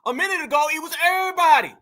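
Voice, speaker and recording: A man's voice: very high voice, very fast, pushed and bright. A man hosting a reaction commentary. He talks emphatically and mockingly, repeating his points straight to his audience. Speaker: commentary channel host. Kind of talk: reaction commentary on a played clip.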